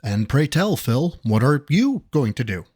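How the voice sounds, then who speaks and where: A man narrates commentary in a sardonic, mocking tone, lobbing rhetorical questions. His pitch is mid-range but moves a lot, giving the delivery a lively, sneering bounce. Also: measured pace. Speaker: commentary host.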